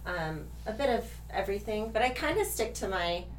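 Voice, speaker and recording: A woman's voice: medium pitch, expressive, moderate pace. A woman with a slight Australian accent, a guest chatting and telling stories in a friendly way. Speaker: podcast guest and vendor. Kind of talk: casual podcast chat. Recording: echoey room, distant mic, faint hum.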